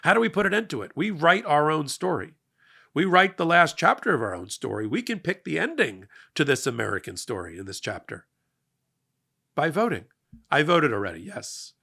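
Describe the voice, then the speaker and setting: Middle-aged male host, gravelly and bright-toned, emphatic and energetic political commentary. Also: on the high side, normal speed. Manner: emphatic, energetic, rising to loud peaks. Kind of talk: passionate political monologue.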